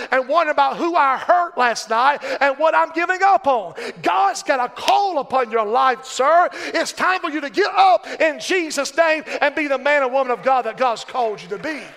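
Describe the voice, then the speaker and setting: High-voiced impassioned male preacher, reverberant hall. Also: pushed and bright. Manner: impassioned, rhythmic call-and-response preaching. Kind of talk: sermon.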